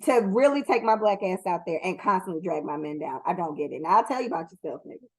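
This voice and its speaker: Talking alone on her podcast, a young adult woman gives casual commentary that's blunt, profane, rambling and packed with ums. She speaks fast in an expressive, lowish voice, captured on a low-quality recording.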